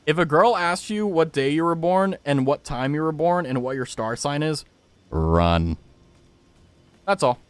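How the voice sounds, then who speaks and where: A man's voice: a little high, moderate pace, few pauses, no echo. A young man streaming a game, chatting casually with viewers in a jokey, rambling way and reacting aloud to what happens on screen. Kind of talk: casual gaming stream chat.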